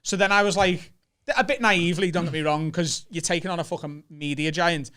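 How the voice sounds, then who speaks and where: Sweary Scouse comedian, high clear voice. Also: male voice, fairly quick. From Liverpool, England. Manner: sweary, animated storytelling. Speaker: comedian and podcast host. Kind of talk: casual chat.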